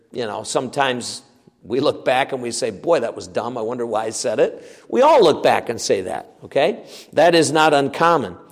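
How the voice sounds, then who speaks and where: A man delivers a sermon slowly and deliberately, leaning on each phrase and repeating key words for emphasis. His voice sits somewhat high for a man. The sound carries the long reverb of a large hall. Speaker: preacher. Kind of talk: expository sermon.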